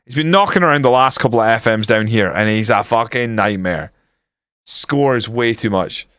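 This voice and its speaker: A man's voice: on the low side, normal speed, fairly bright tone, clear, resonant tone, dry recording, clean studio sound. A Scottish man streaming a football management game, chatting bluntly with lots of swearing and jokes. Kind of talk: casual gameplay commentary.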